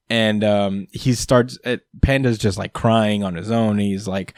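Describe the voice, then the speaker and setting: Another podcast host recaps a manga chapter in a slow, smooth, lowish voice with a steady tone. His chat is casual and rambling, full of ums, uhs, and laughter, captured in clean studio sound with no room noise.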